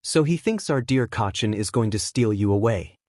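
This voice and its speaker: A man's voice: lowish voice, animated, normal speed, a little mellow, dry recording, studio quality. A man reading a teasing young assassin.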